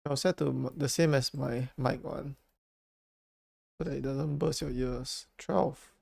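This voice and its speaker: A man's voice: medium pitch, steady tone, measured pace, creaky, a little mellow, slightly rough. A man streaming live, chatting casually while fumbling with his settings and repeating himself. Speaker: livestreamer. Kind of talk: casual livestream chat.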